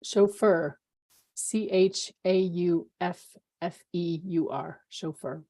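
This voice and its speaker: A woman competing in a spelling bee over a video call, politely asking for definitions and spelling in a measured way. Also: fairly low pitch, warm tone. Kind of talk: spelling aloud in a contest.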